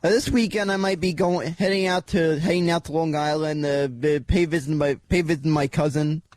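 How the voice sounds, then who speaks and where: A man co-hosting a radio show, answering in halting, stumbling bursts. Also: on the high side, fairly even intonation, a little mellow, no room sound. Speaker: radio co-host.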